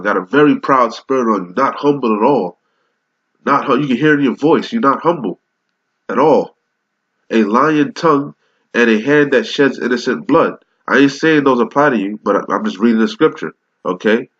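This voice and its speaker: Fairly bright and on the high side, this man's voice belongs to a street preacher who is sick with a cold. He reads scripture in old English during an angry, profane, confrontational sermon, recorded in dull lo-fi.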